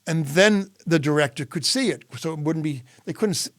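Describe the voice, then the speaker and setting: A man's voice: fairly high pitch, moderate pace, dry recording, studio quality. A middle-aged man, a guest on an interview show, telling stories in a conversational way and acting out the quoted dialogue. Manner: animated, acts out quoted dialogue. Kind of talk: conversational storytelling.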